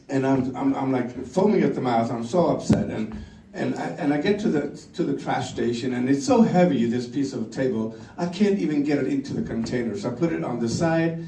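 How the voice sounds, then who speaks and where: A middle-aged Swedish man tells a story on stage with animated energy, laughing often and acting out voices. His voice is mellow and warm. He is heard from a distance in an echoey room, with faint ambience behind him. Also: medium pitch, fairly quick, a little hiss or hum. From Sweden. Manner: animated, laughing, acts out quotes. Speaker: speaker telling a story on stage. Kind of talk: storytelling talk.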